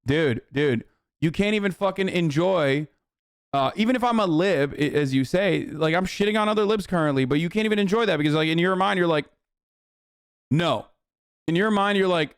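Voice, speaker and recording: A man talks to his live-stream chat in a loose, profane ramble, piling on restarts and fillers. His voice sits a little high and comes through smooth and resonant. The sound is close and dry, with no room around it. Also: moderate pace, no echo. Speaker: streamer reacting to clips. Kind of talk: casual live-stream commentary.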